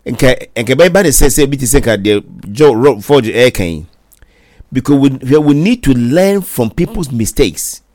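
A man's voice: medium pitch, sing-song, normal speed, a little mellow. A man in casual conversation, restarting his words often and mixing English with Twi. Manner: frequent short backchannels, stammering restarts.

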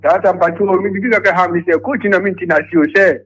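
Husky, fast-talking caller. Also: male voice, high-pitched, fairly even intonation, fairly bright tone, rough recording. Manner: explanatory, repetitive, stammering. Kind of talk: radio call-in opinion.

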